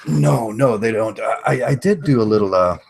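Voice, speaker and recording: A man hosting a casual interview podcast, speaking haltingly and often repeating words as he searches for what to say. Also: medium pitch, vocal fry, a little mellow, breathy edge. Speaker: podcast host.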